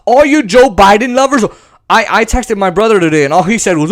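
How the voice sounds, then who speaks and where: A man's voice: high-pitched, fairly quick. A man hosting a podcast, delivering sarcastic, profane political rant commentary. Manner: sarcastic, profane, animated ranting. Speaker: podcast host.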